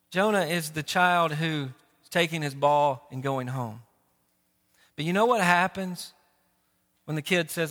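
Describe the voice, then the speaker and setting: A man's voice: a little high, a little slow, sharp tone. A man pastor preaching a sermon, telling stories and acting out the voices of people he quotes. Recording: long hall reverb.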